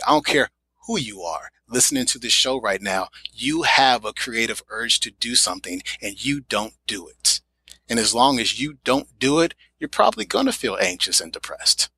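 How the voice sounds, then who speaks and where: A man's voice: mid-range voice, sharp tone, breathy edge, dry recording, rough recording. A man speaking as a podcast guest in a motivational interview, emphatic and repeating phrases for effect.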